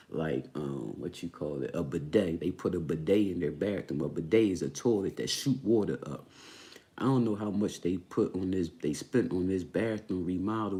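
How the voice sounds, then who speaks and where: A man's voice: sits low, mellow. A man talking straight to the camera about his home, emphatic and profane, repeating phrases to drive home each point. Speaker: homeowner vlogger. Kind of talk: casual ranting monologue.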